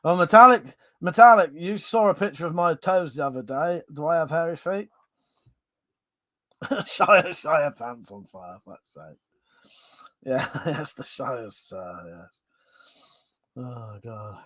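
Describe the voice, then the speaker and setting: An English man from Buckinghamshire hosts a casual drinking livestream, drink in hand, reading viewer comments aloud while joking, laughing and swearing freely, with drawn-out, repeated agreements. His voice is a little high and sing-song with a sharp tone, on a dry recording.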